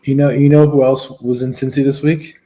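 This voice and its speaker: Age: adult. Sex: man. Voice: mellow, joking podcast co-host. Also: mid-range voice, level tone, fairly quick. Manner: loose, joking, rambling with fillers. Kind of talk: casual sports chat.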